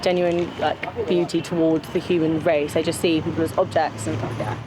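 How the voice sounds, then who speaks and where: A woman's voice: sits low, flat delivery, normal speed. A British woman from the UK, telling her story frankly and with animation in a street interview. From United Kingdom. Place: busy city street outdoors. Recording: outdoor street crowd noise.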